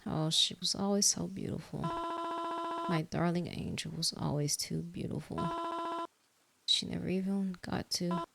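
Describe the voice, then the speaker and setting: A woman voicing a grieving middle-aged mother in a game, soft, polite and mournful. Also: sits low, big pitch swings, slow pace, vocal fry, pauses often, very noisy, exaggerated voice. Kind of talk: reading game dialogue aloud.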